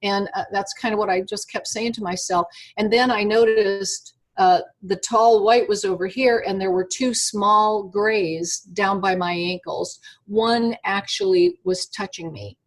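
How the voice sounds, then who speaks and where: A woman being interviewed over an internet call, telling a personal story in an animated, halting way with many fillers and restarts. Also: mid-range voice. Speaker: interview guest.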